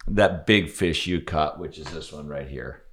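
A man hosting a casual interview, chatty and quick to laugh. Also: very deep voice. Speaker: host.

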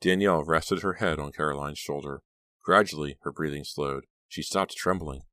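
Very deep-voiced man reading horror. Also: moderate pace, pushed and bright, no echo, clean studio sound. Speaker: audiobook narrator. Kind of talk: scripted horror audiobook narration.

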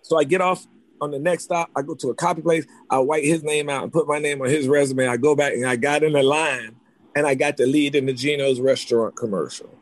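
Man, from North Carolina, actor in an interview, very quick delivery, slightly high voice, restless storytelling. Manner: rapid, excitable, jumps back and forth with restarts. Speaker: actor telling his life story.

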